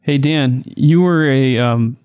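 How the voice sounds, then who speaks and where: A man's voice: medium pitch, takes it slowly, clean tone, no room sound, narrow, tinny audio. A man chiming in on a comedy news podcast with short, teasing interjections and jokes. His voice is an ordinary mid-range male tone, loose and casual. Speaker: podcast co-host.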